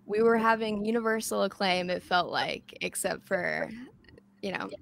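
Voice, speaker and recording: Gravelly-voiced woman, halting casual chat. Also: medium pitch, a bit bright, a little hiss or hum. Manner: hesitant, many fillers and restarts, laughs while talking. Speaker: podcast guest.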